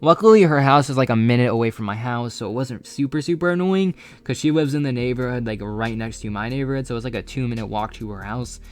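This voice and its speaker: A man's voice: medium pitch, fast talker, hardly any pauses. A young man telling a casual storytime monologue, rambling and swearing with plenty of fillers. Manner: rambling, profane, filler-heavy. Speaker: storyteller vlogger.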